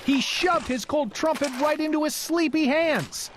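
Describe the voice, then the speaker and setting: A woman reading a children's picture book aloud in a lively, expressive storytelling manner. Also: sits high, measured pace, few pauses, noisy background. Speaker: storybook reader.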